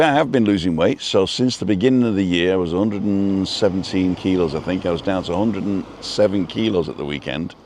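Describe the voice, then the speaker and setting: A man's voice: deep voice, a little mellow. A man hosting a live stream, chatting casually and rambling while he walks outdoors, talking into a phone on a selfie stick and greeting viewers by name. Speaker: vlog host. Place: outdoors, walking down a street.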